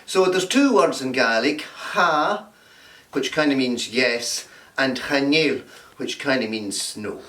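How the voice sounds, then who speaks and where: A man's voice: mid-range voice, animated, slow pace, a bit bright. A man leading a recorded workshop at home. He talks playfully and acts out little scenes to demonstrate. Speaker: drama and games workshop leader. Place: indoors in a home room. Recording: roomy sound from a distant camera.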